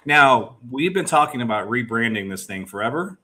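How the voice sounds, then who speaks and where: A man's voice: mid-range voice, lively intonation, pushed and bright, slight background noise. A middle-aged man hosting a casual podcast, upbeat and rambling as he geeks out. His voice sits right in the middle range. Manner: upbeat, geeky, quick rambling. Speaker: podcast host. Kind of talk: casual chat.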